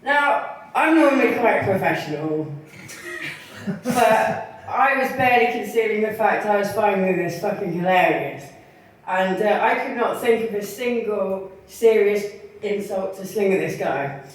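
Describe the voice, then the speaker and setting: A woman's voice: mid-range voice, expressive, measured pace, slight background noise. A woman doing a bawdy stand-up set at a bar comedy night, laughing at her own jokes and acting out the people in her stories. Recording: echoey bar, mic heard from far.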